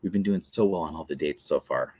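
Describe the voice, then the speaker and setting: A man's voice: a bass voice, fairly quick, a little mellow. A man in his thirties hosting a show, telling long casual anecdotes with frequent laughs and self-corrections. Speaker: podcast host. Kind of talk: casual chat.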